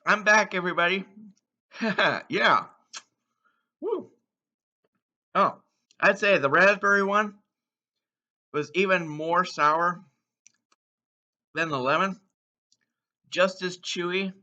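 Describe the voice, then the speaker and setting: A man with a very bright, forceful, somewhat high voice talks slowly through a candy taste test, savoring each comment and breaking into whoops. The sound is dull and lo-fi. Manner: exuberant, whoops between bites, slow savoring remarks.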